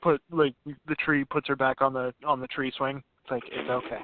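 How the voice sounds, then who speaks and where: A man co-hosting a casual film review chat with lively, reactive banter. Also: medium pitch, normal speed, background noise. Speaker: podcast co-host. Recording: tinny phone-like sound.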